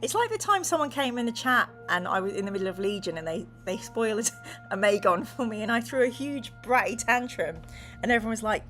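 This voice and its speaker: A lively woman streamer reads an adventure gamebook aloud and turns to banter with her chat. Her delivery is playful and theatrical, her pitch sits in an ordinary middle range, and clear music plays behind her. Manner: animated, playful and dramatic, chatting with viewers. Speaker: streamer and host.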